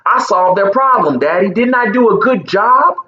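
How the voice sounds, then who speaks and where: A man's voice: high-pitched, animated, normal speed, sharp tone, reverberant, dull audio, voice pushed up. A man voicing a proud, innocent little boy who talks in an eager, sing-song way.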